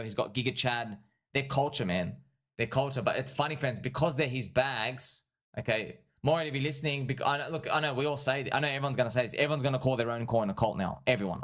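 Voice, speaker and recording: A man with a mid-range voice hosts a livestream from home, offering loose, rambling commentary. He gets excited, repeats himself, and addresses viewers as "friends" and "bro."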